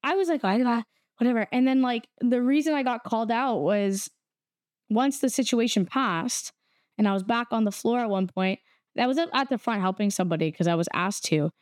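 A young woman casually telling a story, animated and quoting people as she goes. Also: fairly high pitch, fairly quick, no room sound, studio quality. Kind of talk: casual chat.

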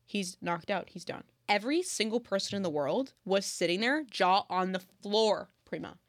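A young woman in casual sports chat, rambling quickly with lots of filler words. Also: mid-range voice, expressive. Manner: rambling, fast, heavy "like" filler.

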